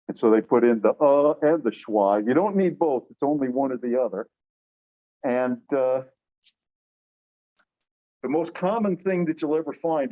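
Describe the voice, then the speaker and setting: A man teaching a classroom lecture on English sounds, relaxed and explanatory, slowing down to demonstrate words. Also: mid-range voice. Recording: dull lo-fi classroom recording.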